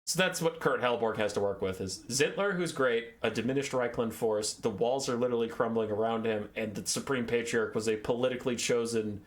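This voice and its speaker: A man's voice: medium pitch, a little fast, hardly any pauses. A young man giving a casual, rambling and sarcastic lore recap, swearing and acting out characters. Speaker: lore video host.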